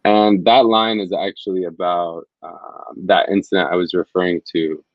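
A man's voice: low-pitched, little pitch movement, moderate pace, no echo, highs cut off. A man, a field reporter, telling stories in an interview in an earnest, reflective, rambling way. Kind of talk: conversational interview storytelling.

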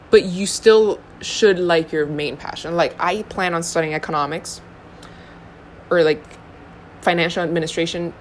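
A woman's voice: on the low side, slight background noise. A young woman from Honduras chatting alone on her podcast, rambling with lots of fillers and self-deprecating asides. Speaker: podcast host. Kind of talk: casual solo podcast chat.

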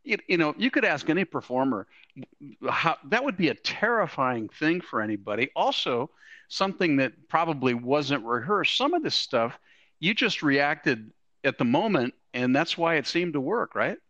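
Lively male interviewer, lo-fi sound. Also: on the high side, moderate pace, dry recording. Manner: conversational, laughs along. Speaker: host, interviewer.

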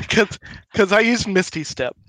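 A man's voice: sits high, expressive, takes it slowly, sharp tone, no echo. A man playing in a tabletop game, talking casually and hesitantly with stumbling restarts. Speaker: player.

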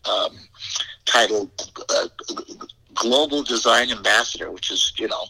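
A man's voice: fairly low pitch, a little slow, gravelly, sharp tone, slightly rough, poor audio. An older man telling a rambling personal story as an interview guest, repeating words and adding frank asides. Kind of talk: anecdotal storytelling.

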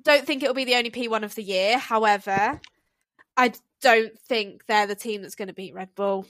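A woman co-hosting a podcast, talking in an animated, opinionated way and quick to laugh. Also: fairly high pitch, no room sound. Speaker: podcast co-host. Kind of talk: casual chat.

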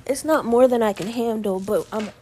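A woman's voice: on the high side, normal speed, warm tone, slight background noise. A teenage girl hosting her own podcast, sounding tired and rambling through her weekend with lots of "like" fillers and restarts. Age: teens. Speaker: podcast host. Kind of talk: casual solo podcast chat. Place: at home.

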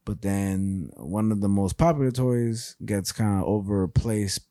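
A man co-hosting a podcast, chatting casually and telling stories in a loose, profane, animated way. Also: on the low side, a little slow, dry recording, clean studio sound. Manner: animated, profane storytelling with frequent laughs. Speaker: podcast co-host. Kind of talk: casual chat.

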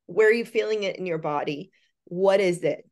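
An older woman speaks as a podcast guest, earnest and reflective. Her voice sits low for a woman. She works through her ideas in lists of questions. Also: moderate pace, darkish tone. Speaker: guest, boy advocate and parenting educator. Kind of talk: conversational podcast interview.

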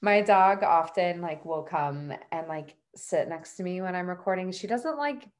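Chatty woman podcast host, lower voice. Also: animated, normal speed, a crowd in the background. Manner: chatty, filler-heavy, self-deprecating laughs. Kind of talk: casual podcast chat.

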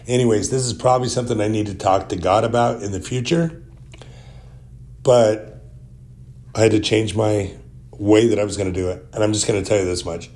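A man's voice: fairly low pitch, fairly quick, long pauses, darkish tone. A man hosting a solo podcast, telling stories in a rambling, wry and joking way. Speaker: podcast host. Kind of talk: casual solo podcast monologue.

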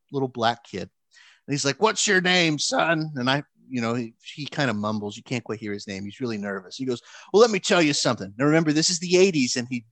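A man telling a long story in casual chat, animated, with frequent restarts and fillers. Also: mid-range voice, no room sound.

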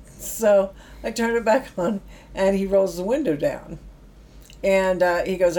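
A middle-aged woman with a mellow, mid-range voice speaks at a moderate pace. Once a youth project worker, she tells chatty anecdotes about that work, laughing every so often.

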